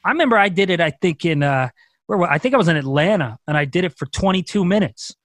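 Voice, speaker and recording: A man's voice: high-pitched, fast, no echo, studio quality. A man in his thirties, a stand-up comedian guest on a podcast, telling stories with swearing and acted-out quotes. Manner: animated storytelling with profanity and acted-out quotes. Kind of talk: casual podcast conversation.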